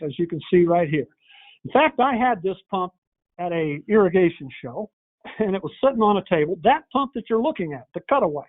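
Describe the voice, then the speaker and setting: A man giving a folksy training talk, telling stories and acting out conversations. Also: sits high. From northern Indiana, USA. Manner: folksy storyteller, acts out dialogue. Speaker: pump company trainer. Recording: tinny phone-like audio.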